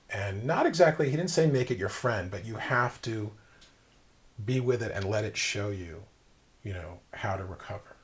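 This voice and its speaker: A man, likely in his thirties or forties, telling a personal story as an interview guest, reflective and emphatic with pauses. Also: fairly low pitch, lively intonation.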